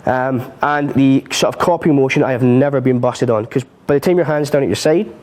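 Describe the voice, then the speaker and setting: A man's voice: mid-range voice, a little fast, a little mellow. A man teaching card and coin magic on a live stream, chatty and self-mocking, laughing often. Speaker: magic instructor.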